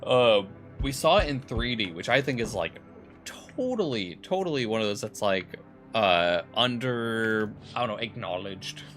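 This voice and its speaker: Chill young guy streaming a game, rambly, swears a bit, bright voice. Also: lowish voice, lively intonation, a little slow, soft background music. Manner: laid-back, rambling, swears casually. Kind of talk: casual gameplay commentary.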